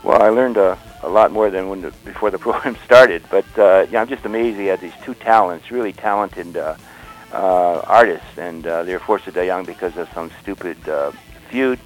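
A man co-hosting a talk radio show speaks in a somewhat low voice. His talk is chatty and easygoing, broken up by pauses as he thinks aloud, and faint music plays behind him. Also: low-quality recording. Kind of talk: casual talk radio conversation.

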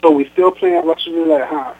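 A stern, guilt-tripping old mother on the phone , as a man reads her out, dry and sarcastic with her child. The line is thin and tinny, like a phone call. Her voice his voice sits a touch high. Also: steady tone, fairly quick, breathy edge. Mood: reproachful. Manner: sarcastic, reproachful, then sweet.

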